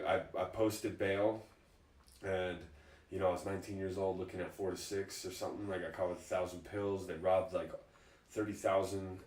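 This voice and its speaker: A man's voice: low-pitched, a little mellow. Laid-back man telling stories in an echoey room. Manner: laid-back, chuckling storyteller. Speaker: guest, fighter. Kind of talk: casual storytelling interview. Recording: echoey room, distant mic.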